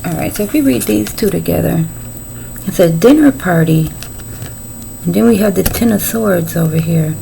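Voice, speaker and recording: A woman's voice: on the low side, lively intonation, normal speed, creaky, long pauses, dark tone, slight background noise, rough recording. A middle-aged woman giving a casual tarot reading, chatty and folksy with playful asides. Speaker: tarot reader.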